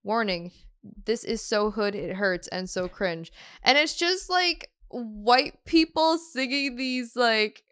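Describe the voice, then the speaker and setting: Giggly woman podcast host, smooth voice. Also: on the high side, expressive, takes it slowly, fairly bright tone, no echo, clean studio sound. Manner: giggly, laughs often mid-sentence; trailing filler-heavy phrasing. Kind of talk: casual chat.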